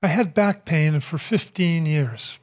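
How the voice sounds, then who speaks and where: A man giving a spiritual talk, telling a personal story in a reflective, unhurried way with pauses. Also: a little high. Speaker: speaker.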